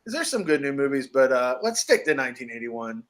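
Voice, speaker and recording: A man's voice: medium pitch, brisk. An American man co-hosting a podcast, chatting casually and jokily about horror movies and laughing often. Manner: animated, jokey, laughs often. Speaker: podcast co-host.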